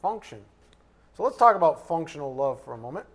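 A man's voice: fairly high pitch, big pitch swings, brisk, breathy edge. A man teaching a Bible lesson in a conversational, joking way, rising to sudden emphasis. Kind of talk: sermon.

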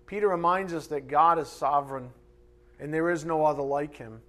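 Male pastor, sermon delivery, slightly high-pitched, animated with mimicking asides. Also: normal speed. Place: church or teaching room with a board.

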